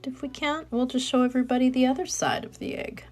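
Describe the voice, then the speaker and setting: A woman in her thirties with a soothing voice, chatting casually and rambling softly while she crafts at home, speaking into a phone. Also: sits high, fairly even intonation, fast talker, faint music behind. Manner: chatty, rambling, soft-spoken. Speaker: craft livestreamer.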